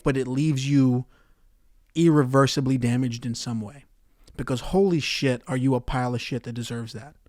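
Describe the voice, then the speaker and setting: A man hosting a comedy podcast, delivering a profane ranting monologue that swings between loud outbursts and muttered asides. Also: mid-range voice, dry recording, clean studio sound.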